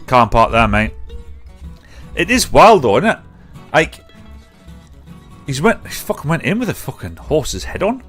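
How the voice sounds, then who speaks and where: A man's voice: on the high side, very animated, unhurried, long pauses, a bit bright, breathy edge, faint music behind. A middle-aged man, hosting a live-stream show in a rambling, sweary, blunt way. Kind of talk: casual live-stream rant.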